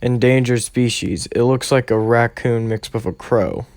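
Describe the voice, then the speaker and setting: A man's voice: medium pitch, measured pace, a little mellow, no room sound, clean studio sound, close to an everyday voice. A man voicing a blunt, tired teacher who talks in short, curt lines. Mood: skeptical.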